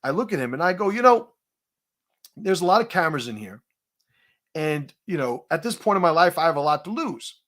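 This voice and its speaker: A middle-aged man telling a story casually, his voice sitting a bit high for a man. His pitch swings widely as he acts out both sides of a heated argument. He swears freely and laughs between lines. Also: brisk, long pauses. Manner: animated, profane, laughing while telling a confrontation story. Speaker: host.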